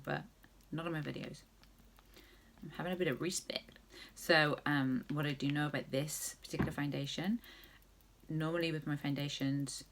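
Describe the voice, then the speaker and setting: A woman's voice: deep voice, vocal fry. A woman vlogger chatting casually through a makeup tutorial, rambling with jokey asides.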